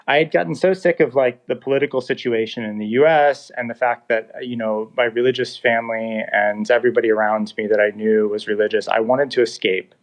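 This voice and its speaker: A man in his thirties telling his own story in a casual, animated way, acting out the dialogue as he goes. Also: medium pitch. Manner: animated, acts out dialogue in quotes. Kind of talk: casual first-person storytelling. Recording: dull lo-fi sound.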